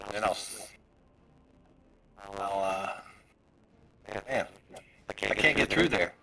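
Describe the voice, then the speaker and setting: A man's voice: lowish voice, pushed and bright, poor audio. A man playing in a tabletop game, talking hesitantly as he thinks aloud. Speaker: player.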